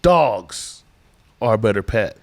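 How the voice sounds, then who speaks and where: Sing-song, animated man debating. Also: fairly low pitch, slow. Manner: earnest, sing-song speechifying. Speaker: podcast co-host. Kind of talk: casual mock debate.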